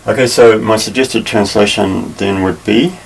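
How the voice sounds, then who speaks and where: Deep voiced guy doing a slow careful bible lesson, bit far from the mic, faint hum behind. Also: steady tone, gravelly. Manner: measured, careful, with many pauses and fillers. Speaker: Bible teacher. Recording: slightly distant mic with faint ambient noise.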